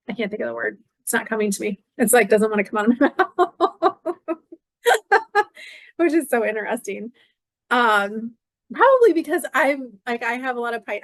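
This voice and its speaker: A woman's voice: on the high side, no room sound. Effusive middle-aged woman, dry close voice. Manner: effusive, repeats phrases, many "like" fillers. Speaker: astrology channel host. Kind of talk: casual spiritual monologue.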